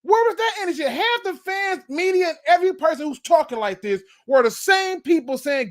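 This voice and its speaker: A man's voice: very high-pitched, animated, a little fast, fairly bright tone. A man hosting his own sports channel, delivering a fired-up fan rant that hammers the same points again and again. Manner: fired-up, preachy, repeats points.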